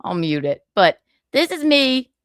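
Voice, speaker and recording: A woman's voice: high-pitched, sing-song, a little slow, no room sound, clean studio sound. Chatty, giggly woman livestreamer. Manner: chatty, giggly, swears casually. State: tearful, choked up. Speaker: livestream host. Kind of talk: casual livestream chat.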